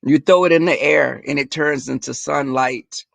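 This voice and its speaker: Young adult man, livestream host, gravelly voice, dry close sound, profane storyteller. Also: a little high, moderate pace, no echo. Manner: profane, animated storytelling, talks to viewers as y'all. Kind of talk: casual chat to viewers.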